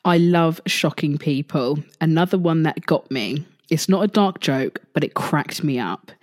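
A young woman with a low voice hosts a casual solo podcast. She talks in a loose, chatty way, doubling back over her words and swearing freely as she goes. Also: unhurried, a little mellow. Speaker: podcast host.

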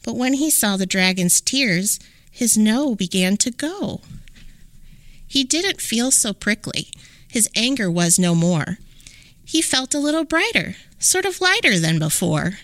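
A woman hosting a podcast, reading a rhyming children's story aloud in an expressive, sing-song way. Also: a little high, unhurried, no echo. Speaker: podcast host.

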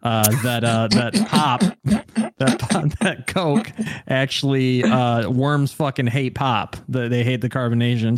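A man's voice: medium pitch, no echo, clean studio sound. Crude laughing man at a game table. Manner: crude, laughing, animated in character. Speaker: player. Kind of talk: tabletop role-play banter.

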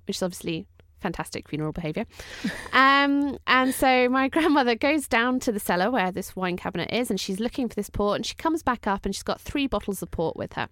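A woman co-hosting a podcast, telling a family story in a lively, animated way. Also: medium pitch, a little fast, few pauses, no echo, clean studio sound. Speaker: podcast co-host. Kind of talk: casual chat, storytelling.

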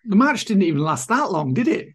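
A man's voice: high-pitched, sing-song, fairly quick, husky. A man co-hosting a casual wrestling podcast, giving rambling, opinionated takes full of "I mean". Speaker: podcast co-host.

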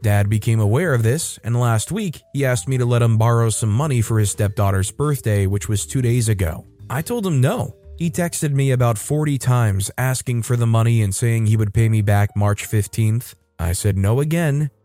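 A man narrating internet stories in an even, matter-of-fact delivery. His voice is mellow and dark in tone. Faint music plays softly behind him. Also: medium pitch, moderate pace. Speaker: story narrator. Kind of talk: reading internet stories aloud with commentary.

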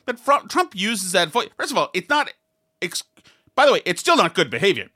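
Bright-voiced sarcastic talk show commentator. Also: medium pitch, very animated, fairly quick. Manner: rambling, sarcastic, mimics others in quotes; frequent restarts and asides.

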